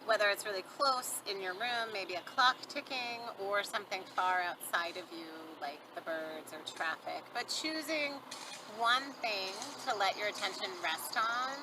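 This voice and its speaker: A middle-aged woman teaches a mindfulness practice in a calm, gentle way, at a moderate everyday pitch. She is recorded outdoors, and birdsong and distant traffic come through clearly behind her voice. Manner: gentle, calm guiding with soft fillers. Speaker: mindfulness instructor and yoga teacher. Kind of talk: guided mindfulness lesson. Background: birdsong, distant traffic and farm sounds.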